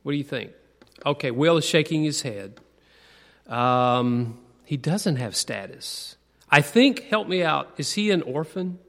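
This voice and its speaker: A man giving a conversational sermon, asking the audience questions and slowing down to lean on key words. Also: a little high, lively intonation. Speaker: preacher. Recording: long reverb of a large hall.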